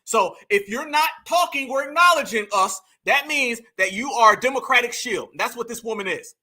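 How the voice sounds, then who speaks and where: A man's voice: extremely high pitch, expressive, moderate pace, bright, forceful tone. A man giving reaction commentary on a clip, emphatic and preachy, talking straight to his audience. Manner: emphatic, preachy, addresses the audience as "fam" and "y'all". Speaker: online political commentator.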